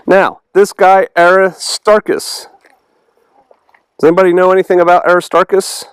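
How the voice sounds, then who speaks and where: A man's voice: sits high, level tone, normal speed, clear, resonant tone, no room sound, rough recording. A man preaching a casual, conversational sermon, reading scripture and asking his congregation questions. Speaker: pastor.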